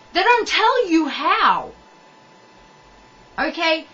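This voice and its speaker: A woman's voice: extremely high pitch, big pitch swings, measured pace, long pauses, a bit bright, highs cut off. A woman ranting to the camera in a blunt, heated way, swearing and talking straight to the viewer. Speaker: vlogger. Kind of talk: ranting monologue.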